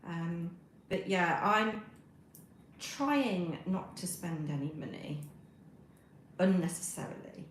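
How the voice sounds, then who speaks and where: A woman's voice: lowish voice, slow, long pauses, roomy sound, slight background noise, rough recording. Chatty British woman knitting on a livestream. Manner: rambling, friendly, many ums, talks while knitting. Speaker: crafting live-streamer. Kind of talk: chatty livestream, reading chat aloud. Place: home room.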